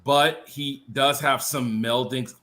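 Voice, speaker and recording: A man's voice: medium pitch, steady tone, slow, sharp tone. A man co-hosting a boxing live stream, giving thoughtful analysis in long, filler-laden stretches. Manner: thoughtful, talks in long qualified runs with many fillers. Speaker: panel co-host.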